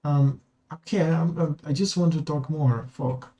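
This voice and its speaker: A man's voice: on the high side, unhurried, mellow, low-quality recording. A young man streaming a game, reading the dialogue and narration aloud in his own voice and dropping casual, swearing asides.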